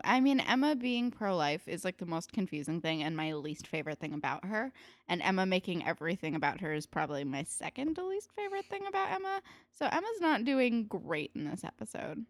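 A woman's voice: medium pitch, big pitch swings, fairly quick, no echo. A woman co-hosting a podcast, giving blunt, opinionated takes in casual chat and swearing freely. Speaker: podcast co-host.

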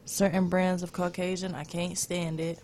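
A woman's voice: on the low side, level tone, normal speed, darkish tone, a little hiss or hum. A young woman, speaking bluntly in a casual podcast chat. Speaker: podcast co-host.

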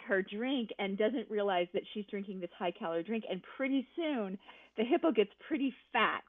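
A woman guest on a podcast telling animated, laughing family stories in casual chat. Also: mid-range voice, moderate pace. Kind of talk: casual storytelling. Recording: tinny dry phone-line sound.

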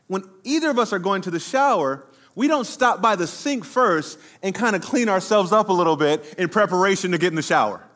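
A middle-aged pastor preaching a sermon to his congregation, slowing down and drawing out words for emphasis. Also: high-pitched, animated, a bit bright. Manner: preaching to a congregation, addressing the room directly; slows down and draws out words for emphasis.

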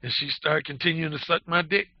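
Crude blunt guy telling a story, fried gravelly voice, a bit high. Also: steady tone, a little fast, no room sound. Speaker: dating advice guest. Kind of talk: casual storytelling. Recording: dull lo-fi audio.

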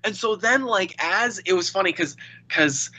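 Bright-voiced excitable man. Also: high voice, poor audio. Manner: excitable, profane, rapid-fire storytelling. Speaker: podcast co-host. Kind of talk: casual movie review chat.

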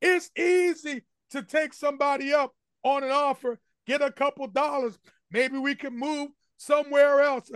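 A man's voice: extremely high pitch, steady tone, moderate pace, few pauses, no echo, clean studio sound. A man preaching a sermon as senior pastor, emphatic and repetitive, addressing his congregation directly. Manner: emphatic call-and-response preaching with repeated refrains. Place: church sanctuary.

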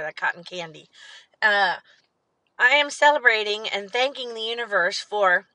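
A woman's voice: a little high, sharp tone, rough recording. A woman hosting her own podcast, talking in a rambling, candid way with fillers and the odd swear word. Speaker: podcast host. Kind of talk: casual solo podcast monologue.

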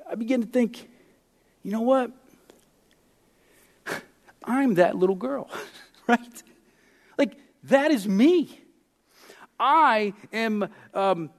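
A man preaching a sermon as pastor, telling stories with lively swings between loud and soft. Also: high voice.

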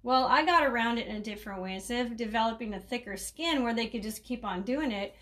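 A woman's voice: a little high, fast talker, a bit bright. A middle-aged woman hosting a casual caregiving podcast, chatty and rambling, laughing often and restarting her sentences. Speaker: caregiving coach and podcast host. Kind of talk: casual solo podcast talk.

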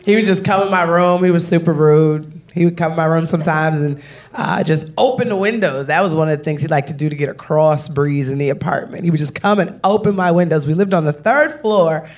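A woman comedian telling a brash, profane, animated story on stage. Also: deep voice, a little fast. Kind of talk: stand-up storytelling. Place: live comedy show.

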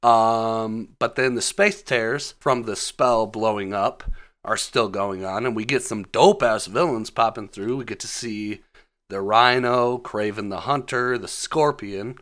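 A man's voice: on the low side, a little slow, fairly bright tone. A man casually recapping a film on his podcast, laid-back and full of swearing. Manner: profane, laid-back storytelling. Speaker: podcast host.

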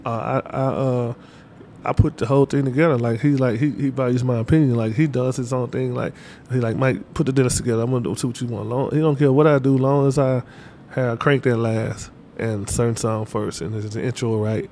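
A man's voice: mid-range voice, steady tone, normal speed, warm tone, a little hiss or hum. A man talking casually as an interview guest, in loose slang with lots of fillers and repeats. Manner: loose, repetitive street slang with many fillers. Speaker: interview guest, artist manager.

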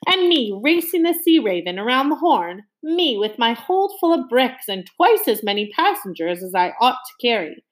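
A woman's voice: fairly high pitch, sing-song, normal speed, few pauses, pitched above the performer's own voice. Woman putting on a roaring, hot-tempered sea captain. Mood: blustering. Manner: roaring, growling.

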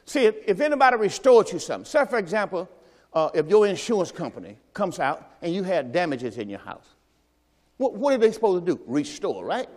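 A male pastor preaching a sermon at a church service, asking rhetorical questions and slowing down to quote scripture with emphasis. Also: high-pitched, big pitch swings, a little mellow, in a large hall.

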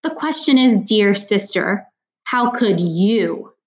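A woman's voice: fairly high pitch, normal speed, close to an everyday voice. A woman reading a storybook aloud, voicing a suave, sarcastic older man who mocks his rival with exaggerated politeness. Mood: sardonic. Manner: silky and sarcastic, polite on the surface. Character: suave, mocking older man, a wily leader.

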